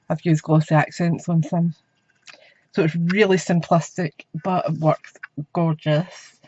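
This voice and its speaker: Slow, chatty woman crafting. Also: on the low side, darkish tone, no room sound, lo-fi sound. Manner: chatty, talks while working with her hands. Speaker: craft demonstrator. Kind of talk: crafting tutorial. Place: home craft desk. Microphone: camera mic.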